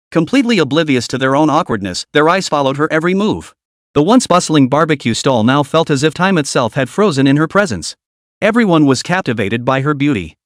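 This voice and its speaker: A man reading a scripted story recap as narrator, keeping an even storytelling read. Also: fairly high pitch, no room sound, studio quality.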